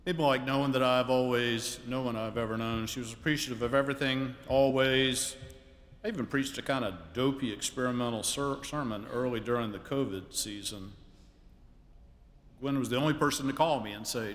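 A male pastor gives a measured funeral sermon, and his phrases often fall away softly at the end. His voice carries a long church reverb. A faint noise sits underneath it. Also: medium pitch. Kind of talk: funeral sermon and scripture reading. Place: church sanctuary.

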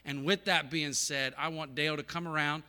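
A man's voice: fairly high pitch, fairly even intonation, fairly quick, sharp tone, long reverb tail. A man, the host pastor, giving informal, inviting announcements about a church meeting. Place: church sanctuary.

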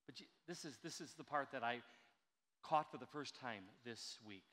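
A man preaching a sermon as a pastor, earnest and emphatic, slowing down to stress key words. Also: mid-range voice, a bit bright, long reverb tail.

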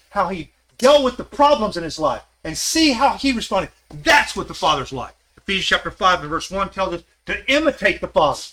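A man's voice: high voice, pushed and bright. An older man teaching a Sunday Bible class, conversational and questioning his listeners, acting out scripture quotes as he goes. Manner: acts out scripture quotes with shifting voice.

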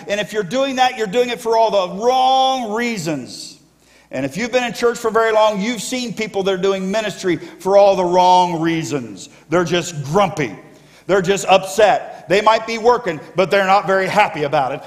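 A man's voice: sits high, expressive, moderate pace. A male pastor preaching a sermon, emphatically rallying his congregation to answer him back. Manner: emphatic call-and-response with congregation. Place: church sanctuary. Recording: echoey church sanctuary.

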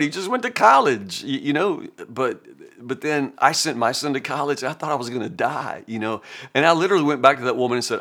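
Earnest pastor with a bright voice. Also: male voice, mid-range voice, lively intonation, fairly quick. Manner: earnest and folksy, with frequent restarts. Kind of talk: conversational Bible teaching.

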